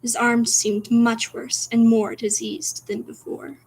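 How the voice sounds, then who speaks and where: A woman streamer reading her own spooky story aloud, soft and whispery, with giggly asides to chat. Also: on the high side, flat delivery, takes it slowly, slightly rough.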